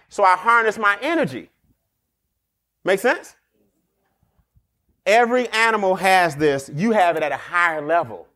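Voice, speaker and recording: Hosting a podcast, this high-voiced man dishes out animated, street-wise motivational advice, frequently laughing and playing out rapid back-and-forths.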